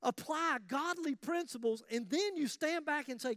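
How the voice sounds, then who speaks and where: A high-pitched man preaching to his congregation in a lively, joking, conversational way. His voice is close and dry, with almost no room sound around it. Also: normal speed, hardly any pauses, no room sound. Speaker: pastor. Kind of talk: sermon.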